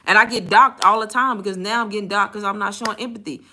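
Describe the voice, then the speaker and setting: Blunt, bright-voiced young woman vlogging. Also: medium pitch, fairly even intonation, fast, a little hiss or hum. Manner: candid and blunt, slangy, laughs often. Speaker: content creator and bank call center agent. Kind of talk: casual storytime vlog.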